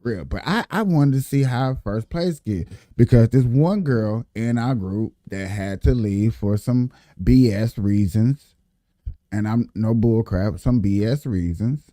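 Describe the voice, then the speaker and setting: Warm-voiced man telling a casual story. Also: lowish voice, a little slow, no echo, studio quality. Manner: animated, repeats himself, addresses viewers as y'all. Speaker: vlogger telling a work story.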